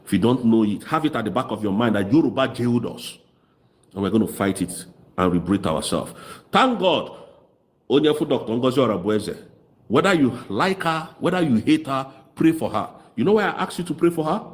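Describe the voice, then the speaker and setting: Fiery Nigerian Igbo man, lively pitch. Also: brisk. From southeast Nigeria. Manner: mocking, impassioned, switches into Igbo. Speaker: political commentator. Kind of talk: fiery political commentary.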